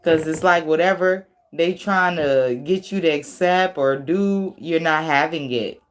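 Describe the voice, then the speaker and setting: A tarot reader with a low, slightly slow voice does a reading in casual, blunt, and profane language. Slangy and teasing, she laughs often.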